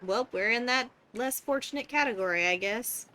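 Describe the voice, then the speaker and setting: A woman's voice: on the high side, normal speed, pushed and bright, slight background noise. A woman playing in a tabletop game, chatting casually and joking. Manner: joking, laughs often. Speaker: player.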